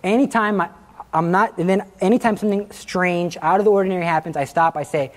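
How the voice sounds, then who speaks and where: A middle-aged man giving a lively religious talk, telling stories and laughing at his own jokes. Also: high-pitched, fast. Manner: animated storytelling, acting out quotes, laughing at his own jokes.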